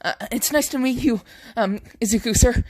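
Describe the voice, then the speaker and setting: A man's voice: very high voice, normal speed, a little mellow, dry recording, voice pushed up. A young man voicing an eager young female army private, bubbly and stammering.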